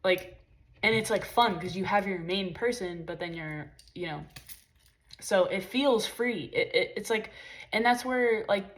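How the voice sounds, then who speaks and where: A woman's voice: mid-range voice, measured pace. A young woman talking in a casual, rambling vlog monologue, frank and profane with lots of fillers. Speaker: spiritual vlogger.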